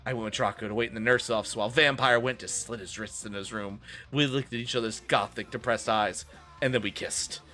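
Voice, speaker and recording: A man's voice: fairly low pitch, fairly even intonation, brisk, sharp tone. A man streaming a comedic dramatic reading, with sarcastic, swearing, laughing asides. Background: faint rock music.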